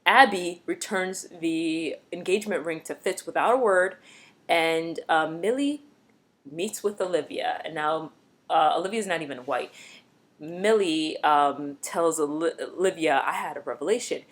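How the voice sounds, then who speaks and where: A woman vlogger giving a casual, expressive recap of a TV episode, chatty and blunt. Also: low-pitched, a little slow.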